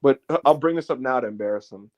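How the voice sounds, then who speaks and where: A man co-hosting a casual podcast, telling animated stories and laughing often. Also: mid-range voice, fast talker, lo-fi sound. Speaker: podcast co-host.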